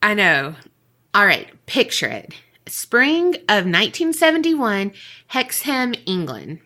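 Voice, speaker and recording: Slow, bright-voiced woman storyteller. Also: medium pitch, wildly swooping pitch. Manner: casual, profane, laughs often. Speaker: podcast co-host. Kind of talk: casual storytelling chat.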